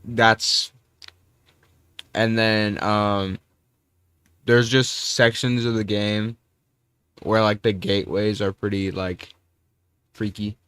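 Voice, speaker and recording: Young male gamer, lowish bright voice, over-the-top mock threats. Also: little pitch movement, takes it slowly, pauses often, clean tone, dry recording. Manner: theatrical, mock-threatening trash talk. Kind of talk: let's play commentary.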